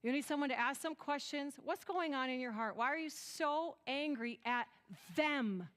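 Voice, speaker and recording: Earnest high-voiced woman speaker. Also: normal speed, a bit bright. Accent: West Michigan. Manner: earnest, storytelling, quotes others in dialogue. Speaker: conference speaker. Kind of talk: conference talk.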